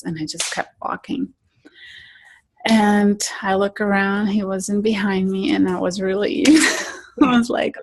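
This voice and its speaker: A woman speaks as an interview guest, telling her stories in an earnest, gentle way. Her voice has a gravelly edge. A faint hiss sits under the recording. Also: mid-range voice, fairly even intonation, a little slow, rough recording. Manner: soft, earnest, drops to whispers in tense moments. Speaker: interview guest, spiritual guide. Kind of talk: storytelling in an interview.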